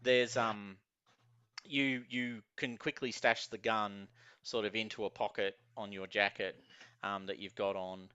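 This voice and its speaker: A man's voice: on the low side, fairly even intonation, a little slow, bright, forceful tone, clear, resonant tone, no room sound, dull audio. A man narrating a tabletop game as game master, rambling with many fillers.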